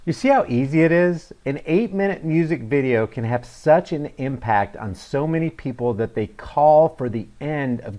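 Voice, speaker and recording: A man's voice: on the high side, darkish tone. A man hosting a reaction video, talking in a sarcastic, mocking commentary style. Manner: mocking, emphatic, with scornful asides.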